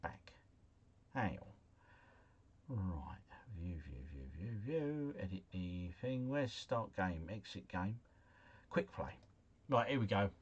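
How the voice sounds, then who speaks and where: A man's voice: fairly low pitch, slow pace, pauses often, breathy edge, muffled recording. Chatty man streaming a game. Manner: chatty, excitable, talks to viewers. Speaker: gaming livestreamer. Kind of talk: live gameplay commentary.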